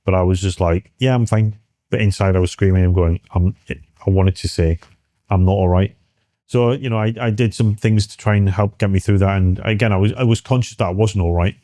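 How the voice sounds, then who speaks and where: Middle-aged British man, interview guest. Dark, low voice, dry close sound, earnest and halting delivery. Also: steady tone, no echo. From United Kingdom. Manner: halting, many restarts, earnest. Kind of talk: candid personal interview.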